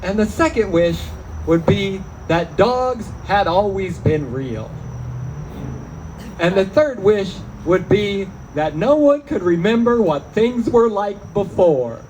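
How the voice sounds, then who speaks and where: Man, stand-up comedian, high voice, deadpan, self-mocking, faint background hiss. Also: takes it slowly. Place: small venue, live audience.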